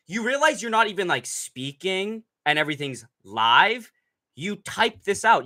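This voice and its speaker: A young man hosting a live stream, reading chat aloud in a brash, profane, mocking way and breaking into shouts. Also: a little high. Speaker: livestream host reading chat. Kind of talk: casual livestream chat.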